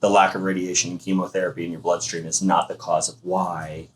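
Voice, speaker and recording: A man's voice: low voice, flat delivery, poor audio. A man co-running a thermography clinic, explaining health screening emphatically in a casual discussion. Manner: emphatic, explanatory, fast-flowing.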